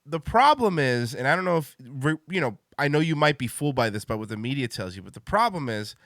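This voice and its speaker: A middle-aged man hosts a loose, crude chat, rambling through restarts and blunt asides. His voice is bright and forceful. The sound is dry and close. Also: mid-range voice, sing-song, a little fast, no room sound. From Miami. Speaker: host. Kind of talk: casual podcast chat.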